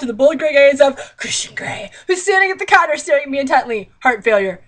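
A woman vlogger with a high, expressive voice reads a novel aloud at a fast clip with few pauses. She keeps breaking off into exasperated, sarcastic commentary that mocks the text.

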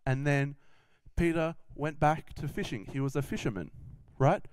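A man's voice: on the high side, normal speed, a little mellow, clear, resonant tone, no room sound. Chatty man telling kids a Bible story. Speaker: children's minister. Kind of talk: children's Bible message.

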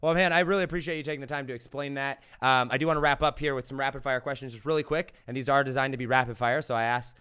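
A man hosting a casual interview podcast, hyped and promotional as he pushes a book and moves into quick questions. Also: mid-range voice, fairly even intonation, bright, forceful tone, clean tone. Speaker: podcast host.

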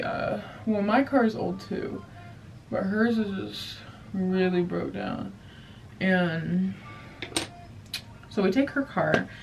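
A woman's voice: lowish voice, vocal fry, a little hiss or hum. A young woman vlogger rambling through a casual storytime, full of fillers and casual swearing. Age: young adult. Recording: voice a bit distant from the mic, faint music behind.

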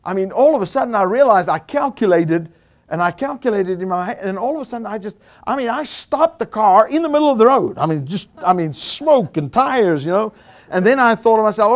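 A South African man delivers a storytelling sermon to a Bible college audience at a moderate pace. He's animated and climbs to shouts at the high points.

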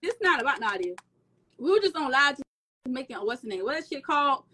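A woman's voice: high-pitched, very animated, brisk, sharp tone. A woman in a heated casual chat on a live stream, talking over others and swearing freely.

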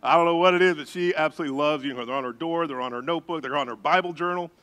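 A middle-aged man, a pastor, preaching a sermon with animated storytelling. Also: fairly high pitch, rapid-fire. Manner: animated storytelling, acts out voices.

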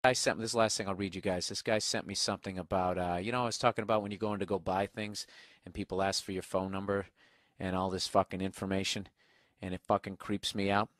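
A man's voice: deep voice, little pitch movement, fast talker, fairly bright tone, no echo, clean studio sound. A man hosting a solo comedic podcast from a hotel room on a single microphone, ranting with heavy profanity and sarcasm. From United States. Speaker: podcast host. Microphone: single microphone, no headphones.

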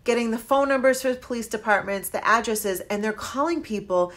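A woman realtor telling viewers about a scam call in a casual, earnest vlog, animated as she warns them. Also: a little high, fairly quick.

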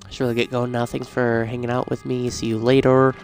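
A man playing a life-sim game, reading prompts aloud and reacting in casual let's-play commentary, getting frantic and shouty when things go wrong. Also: mid-range voice, little pitch movement, fairly quick, a little hiss or hum. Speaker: gaming YouTuber.

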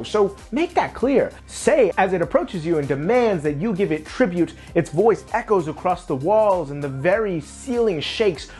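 A woman's voice: sits low, darkish tone, husky. A woman hosting a channel about tabletop games, giving advice in an emphatic, conversational way and talking straight to her viewers. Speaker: host. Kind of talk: tabletop game advice talk.

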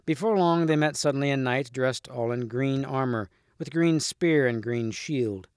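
A man, a teacher, reading a storybook chapter aloud at a clear, steady pace. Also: mid-range voice, normal speed, no echo, clean studio sound.

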